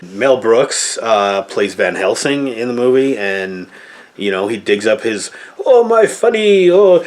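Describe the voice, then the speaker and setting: A man's voice: on the low side, a little slow. A man giving a casual movie review, blunt and exasperated, swearing freely as he complains.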